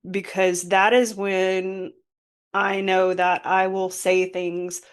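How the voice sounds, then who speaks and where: Podcast co-host, woman, unhurried and calm, plain frank delivery. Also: medium pitch, smooth. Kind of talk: casual chat.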